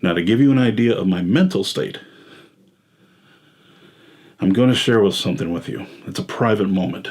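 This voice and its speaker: A man with a low, husky voice that sits deep in his chest, a little short of breath as he talks. He gives a candid personal monologue as host, blunt and wry about himself. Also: moderate pace, pauses often, darkish tone. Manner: self-deprecating, blunt, wry. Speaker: filmmaker and host.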